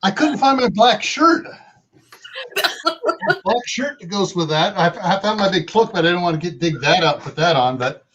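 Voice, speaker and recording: A man's voice: high-pitched, animated, normal speed, fairly bright tone, breathy edge. A man chatting as a guest on a livestream, joking playfully with mock threats and rambling asides over a video call. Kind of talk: casual joking chat. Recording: dull lo-fi audio.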